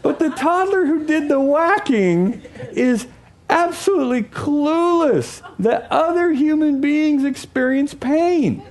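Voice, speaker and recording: A man giving a teaching talk to an audience, animated and acting out examples as he speaks. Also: extremely high pitch, slow.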